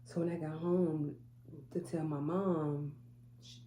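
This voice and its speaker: A woman's voice: low-pitched, fairly even intonation, slow, dark tone. A woman telling a personal story to camera in an earnest way, acting out what others said. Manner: earnest, quotes people in dialogue. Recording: echoey room with faint hum.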